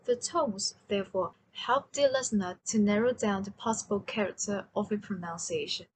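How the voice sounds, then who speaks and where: A woman teaching a language lesson, slowly and carefully demonstrating sounds and tones. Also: mid-range voice, slight background noise, rough recording.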